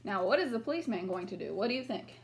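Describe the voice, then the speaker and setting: A woman's voice: medium pitch, sing-song, quick pace, gravelly, slight background noise. A woman teacher reading a picture book aloud to children and asking them questions in an encouraging way.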